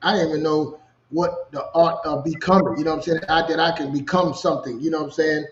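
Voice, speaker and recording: A man with a Louisiana accent, a co-host telling a personal story in casual, animated talk. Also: fairly high pitch, fast, dull audio, slight background noise. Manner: animated storyteller, repeats "you know what I'm saying". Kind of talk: storytelling chat.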